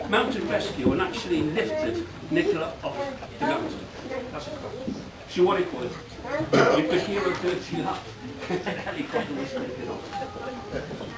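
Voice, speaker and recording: A middle-aged man giving a rambling, joke-filled father-of-the-bride speech at a wedding reception, breaking into loud bursts of praise. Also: high voice. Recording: echoey hall, from far off, loud background noise.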